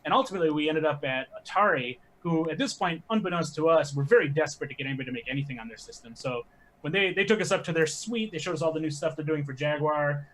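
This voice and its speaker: A man, a podcast guest telling animated stories with quick asides. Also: fairly high pitch, a little hiss or hum. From American Midwest. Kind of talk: casual podcast chat.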